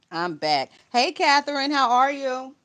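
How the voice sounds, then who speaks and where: A woman's voice: sits high, very animated, takes it slowly, fairly bright tone. A young woman giving casual gossip commentary to her viewers, blunt and profane, often laughing. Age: young adult.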